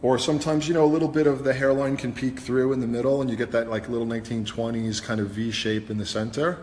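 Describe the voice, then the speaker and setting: Here a hairstylist and host teaches a live haircut, chatting and walking through each step as he works. His mid-range voice is fast, darkish and fairly even in intonation, with a little hiss or hum over the echoey, reverberant salon studio and its faint ambience.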